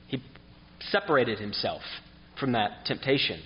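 A man with a slightly high voice preaches verse by verse, reading the scripture and then pressing it home with questions to his listeners. The recording is muffled and dull. A long reverb trails after his words. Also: animated, normal speed. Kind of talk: expository sermon with scripture reading.

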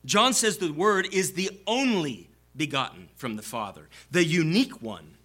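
A man's voice: a little high, very animated, normal speed, sharp tone. A man preaching a sermon to his congregation, explaining scripture and building to emphatic peaks.

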